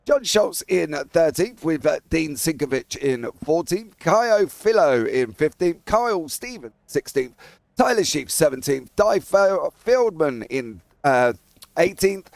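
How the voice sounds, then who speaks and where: Brief: British race commentator, gravelly voice, fairly high pitch, chatty. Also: male voice, lively intonation, measured pace, darkish tone, dry recording. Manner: chatty, laughs easily, calls out names. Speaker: sim racing commentator.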